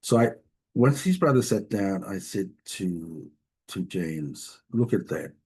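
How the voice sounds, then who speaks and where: A middle-aged man with a slightly low, husky voice tells stories from his work as a family doctor. He talks in an easygoing, jokey way, often stopping and restarting his sentences. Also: lively intonation, slow. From Tonga. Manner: warm, jokey storyteller with frequent restarts. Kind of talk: storytelling interview talk.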